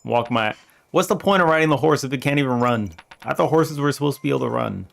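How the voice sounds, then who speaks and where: A man's voice: medium pitch, animated, quick pace, creaky. A man streaming a game, joking and laughing often as he talks to chat and scolds his game characters. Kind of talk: casual gameplay commentary.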